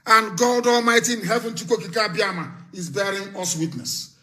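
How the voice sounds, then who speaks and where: Fiery Nigerian man with a bright voice. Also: high voice, animated, moderate pace. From southeastern Nigeria. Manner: threatening, repetitive, lecturing, with sudden shouts. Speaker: live radio broadcaster. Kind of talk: fiery political broadcast.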